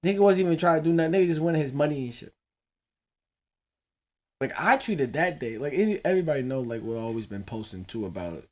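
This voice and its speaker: A man's voice: a little high, lively intonation, quick pace, a little mellow. A man in his thirties hosting his own podcast, rambling casually about his teenage son with loose, profane talk and laughing asides. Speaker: podcast host.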